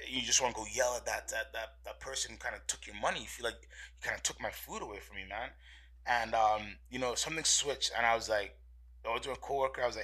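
A young man tells a long story in a loose, casual way. He circles back and restarts often, with many fillers. His voice is bright and forward, and his pitch sits in the middle. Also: fast talker, husky. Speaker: watch salesman telling his story.

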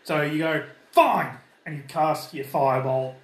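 A man's voice: a little high, level tone, normal speed, crowd noise. A man narrating as game master in a casual, loose way. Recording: echoey room with faint noise.

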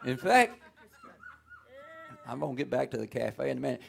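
Gravelly raspy preacher man. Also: mid-range voice, very animated, normal speed. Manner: folksy, call-and-response preaching with sudden loud outbursts. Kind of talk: sermon.

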